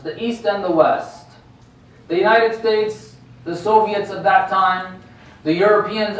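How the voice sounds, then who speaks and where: Preacher in a very echoey hall. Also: male voice, a little high. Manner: conversational preaching with rhetorical asides and questions. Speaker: sheikh giving a religious lecture. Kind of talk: sermon. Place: mosque prayer hall. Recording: very echoey hall, voice distant from the mic, faint noise.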